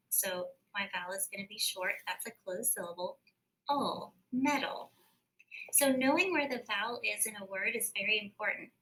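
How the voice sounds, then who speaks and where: A woman teacher giving a recorded phonics lesson, slowly and carefully sounding out words. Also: medium pitch, bright, forceful tone, rough recording.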